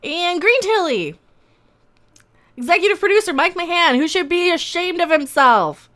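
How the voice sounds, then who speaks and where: A woman's voice: extremely high pitch, expressive, normal speed, fairly bright tone. A woman hosting a live reaction stream, giving sarcastic, ranting commentary and swearing often. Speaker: reaction video host.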